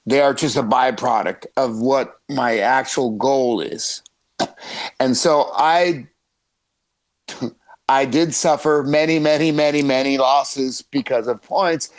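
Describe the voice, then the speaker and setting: A middle-aged man, a jiu-jitsu coach, telling stories on a podcast in a profane, animated way with frequent laughter. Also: mid-range voice, slow, rough recording. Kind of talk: casual podcast storytelling.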